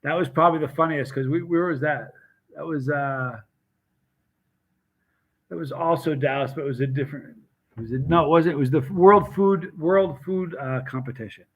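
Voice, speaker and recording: Brief Man, somewhat higher voice, casual live-stream host, animated storyteller who acts out the people in his stories. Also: moderate pace, breathy edge, rough recording.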